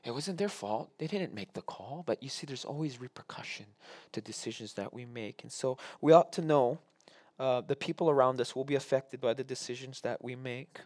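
A middle-aged man preaching a sermon as pastor, swinging between hushed asides and raised, slowed emphasis, and acting out quoted prayers in a low voice. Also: no room sound.

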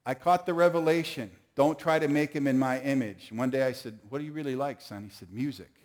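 A man's voice: mid-range voice, fairly quick, darkish tone. A middle-aged man preaching a sermon, telling folksy stories and calling on the audience to answer. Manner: folksy storytelling, calls on the audience.

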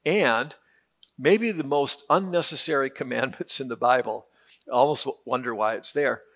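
A man's voice: mid-range voice, normal speed, sharp tone. A man teaching a Bible class in a conversational, joking way, often repeating words as he restarts.

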